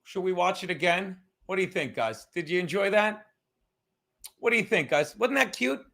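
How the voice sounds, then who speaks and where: Sharp and gravelly, a man's high voice moves at a moderate pace with plenty of animation. It's a comedy podcast taped in his apartment, where he delivers a casual rant that's crude, mocking, and sarcastic.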